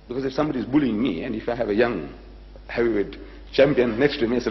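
An older man from South Africa giving a public lecture, telling a story and acting out both sides of a dialogue with long pauses. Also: medium pitch. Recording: echoey hall, dull lo-fi recording.

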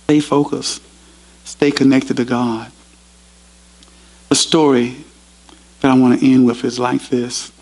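Pastor, husky gravelly voice, earnest preaching. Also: male voice, mid-range voice, little pitch movement, slow pace, pauses often, a little mellow, rough recording. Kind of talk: sermon. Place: university chapel.

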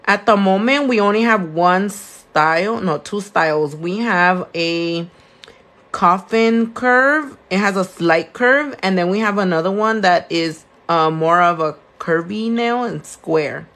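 A woman's voice: mid-range voice, unhurried, fairly bright tone. A young woman with a Californian accent, a nail tech chatting casually on a live stream, answering viewer questions and mixing Spanish words into her English. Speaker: nail tech and shop owner. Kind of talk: casual live-stream chat while doing nails.

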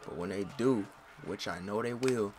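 Background noise sits under this young man's lowish voice as he talks at a moderate pace. Hosting a gaming channel, he narrates his football game in slang, yelling and swearing in frustration at bad plays.

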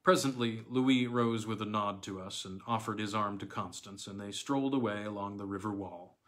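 A man narrating a classic novella in the first person, with a measured, theatrical reading. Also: fairly low pitch, fairly bright tone. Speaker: audiobook reader.

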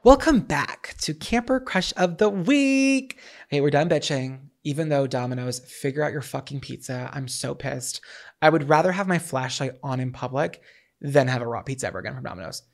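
A man's voice: medium pitch, fairly quick, vocal fry. A man co-hosting a podcast in casual chat, ranting and complaining in a dramatic, exasperated way, with swearing. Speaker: podcast co-host.

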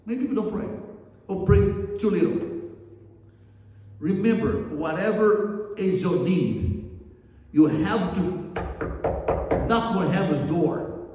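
A man's voice: sits high, slow pace, pauses often, warm tone, slight background noise. A man preaching a sermon, earnest and emphatic, repeating key phrases. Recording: echoey hall, mic far off.

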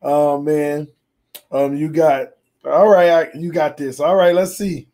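A man with a strained, hoarse voice chats casually through a live gaming stream. He sits a bit high in his range and turns excitable and playfully trash-talking while reading comments aloud. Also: takes it slowly. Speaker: sports channel host. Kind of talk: casual livestream gaming chat.

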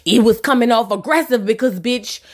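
A woman's voice: fairly high pitch, moderate pace, pitched below the performer's own voice, close to an everyday voice. A sassy, blunt girlfriend who stammers before speaking her mind, as a woman puts her on. The voice stays near the performer's own. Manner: blunt, hesitant.

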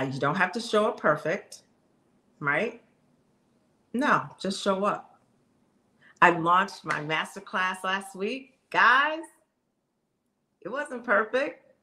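A woman's voice: on the low side, bright, forceful tone. A middle-aged woman coach giving an emphatic, conversational motivational talk straight to her viewers.

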